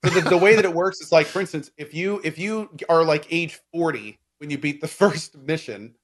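A man's voice: a little high, normal speed. A man in casual gaming chat, explaining game mechanics at length with lots of fillers and restarts. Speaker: game discussion co-host.

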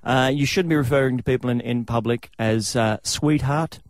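A man's voice: mid-range voice, moderate pace, no echo, clean studio sound. An Australian man hosting a radio show, chatty and laughing as he throws questions to his co-hosts. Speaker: radio host. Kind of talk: radio banter.

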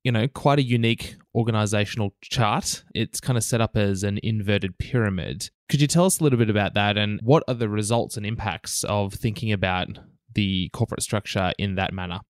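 A man's voice: fairly low pitch, fairly quick, no room sound, clean studio sound. Man asking long interview questions. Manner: long rambling questions with fillers. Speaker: podcast host.

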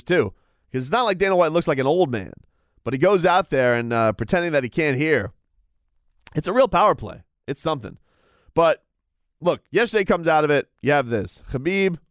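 A man's voice: on the high side, dry recording, clean studio sound. A man casually discussing combat sports in a rambling way, with frequent restarts. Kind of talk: casual chat.

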